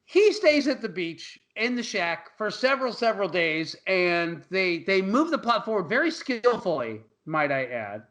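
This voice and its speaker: A man's voice: high-pitched, sing-song, moderate pace, hardly any pauses, a bit bright, rough recording. A man co-hosting a podcast, recapping a movie in loose, profane, laughing casual chat. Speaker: podcast co-host.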